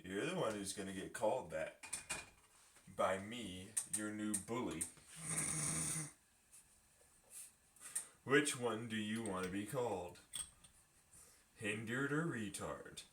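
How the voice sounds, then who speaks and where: A man's voice: fairly low pitch, slow, pauses often, noisy background. A man ranting to camera in a profane, mocking, sarcastic way while pulling an espresso shot. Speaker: vlogger. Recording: echoey room, far from the mic.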